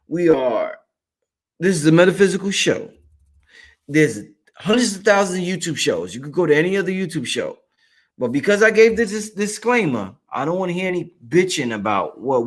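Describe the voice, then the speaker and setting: A man hosting a livestream, talking casually, profane and emphatic, repeating lines for effect. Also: on the high side. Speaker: livestream host.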